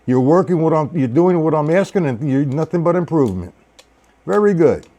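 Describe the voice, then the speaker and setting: A man's voice: on the high side, lively intonation, fairly quick, mellow, lo-fi sound. A man teaching a live-streamed drum lesson, patiently explaining strokes and counting beats aloud, and encouraging viewers by name.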